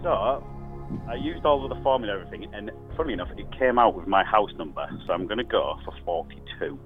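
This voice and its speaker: A man's voice: lowish voice, lively intonation, quick pace, narrow, tinny audio, soft background music. A man co-hosting a podcast, joking around in a casual, self-deprecating way. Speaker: podcast co-host.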